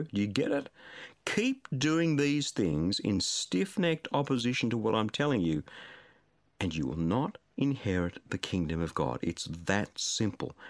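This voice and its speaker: Male preacher, lively rising and falling delivery, dry close sound, earnest and pleading. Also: on the low side, no echo. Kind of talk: sermon.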